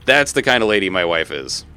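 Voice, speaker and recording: A male game streamer talks casually as he plays, his voice lively and swinging up and down in pitch. His tone is bright and forward, and he swears freely and gets worked up easily. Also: clean tone. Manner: profane, excitable, quick to swear and laugh. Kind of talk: casual gaming stream chat.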